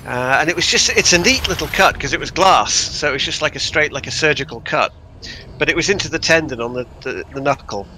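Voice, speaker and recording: A man's voice: a little high, expressive, a little fast, pushed and bright, slight background noise, poor audio. A man chatting casually, telling rambling anecdotes. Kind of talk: casual chat.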